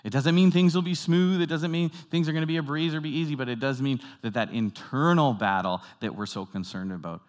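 A man preaching a sermon to his congregation, moving between loud, emphatic lines and quiet, hushed ones, and asking the room questions. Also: a little high, brisk, few pauses. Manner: dynamic, swings from loud emphatic to soft hushed; talks directly to the congregation with questions. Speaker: pastor.

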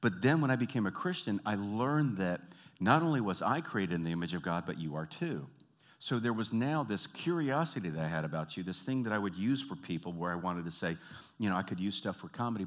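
A man from the American South with a Southern accent, performing an animated stand-up comedy routine. He tells stories and jumps into high, exaggerated voices. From Southern United States. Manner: animated storytelling, jumping into high put-on voices.

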